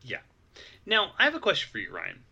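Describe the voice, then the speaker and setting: Dude cracking dry jokes in a movie chat, bright voice, lots of up and down. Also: male voice, fairly high pitch, huge pitch swings, fairly quick, vocal fry, slightly rough. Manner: dry, joking asides. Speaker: podcast co-host. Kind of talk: casual movie review chat.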